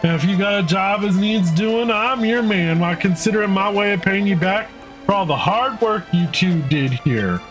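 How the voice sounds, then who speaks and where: A man voicing an eager young farmhand, stammering in his excitement. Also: high voice, moderate pace, music in the background, voice pushed up, natural voice. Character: eager cheerful young farmhand, hard worker.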